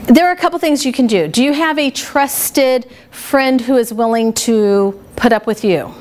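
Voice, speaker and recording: A woman's voice: fairly high pitch, moderate pace, a little mellow. A woman speaking coach teaching a live workshop, playful and laughing with the audience. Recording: noisy room recording.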